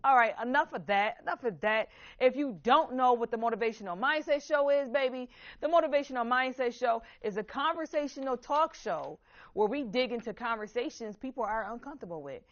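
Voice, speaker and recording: A woman from Buffalo, New York, hosting a motivational talk show, talking in an animated, preachy way and calling the audience "baby.". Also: a little high, brisk, dull audio. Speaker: host.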